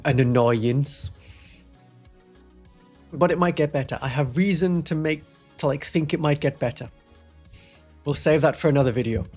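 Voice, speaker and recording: Husky man with a softened Northeast English accent. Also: medium pitch. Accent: toned-down Northeast English. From Northeast England. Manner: chatty, wry, rambling asides. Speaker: Warhammer streamer. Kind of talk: live stream chat answering viewers. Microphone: studio microphone.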